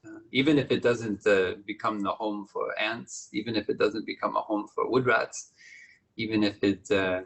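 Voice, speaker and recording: A man, a monastic teacher, giving a gentle, reflective dharma talk with many pauses and soft laughs. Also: lowish voice, fairly even intonation, gravelly, low-quality recording.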